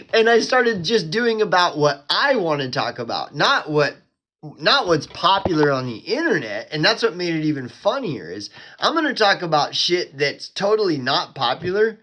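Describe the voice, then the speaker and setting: A man hosting his own channel, rambling in a profane casual rant, full of "dude" and "bro", flaring into angry quotes. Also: on the high side. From Oklahoma. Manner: flares up into angry shouted quotes. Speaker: channel host. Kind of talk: casual ranting monologue.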